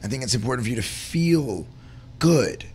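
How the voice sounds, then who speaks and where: A man's voice: medium pitch, lively intonation, fast, gravelly, a little mellow, slight background noise. A man co-hosting a casual chat, talking earnestly and rambling about faith and feeling good. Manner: earnest, rambling, acts out little voices in stories. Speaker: co-host.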